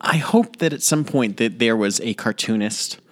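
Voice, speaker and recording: A man's voice: mid-range voice, animated, moderate pace, a bit bright. A man on a casual podcast, playful and amused, laughing through his own jokes. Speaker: podcast co-host.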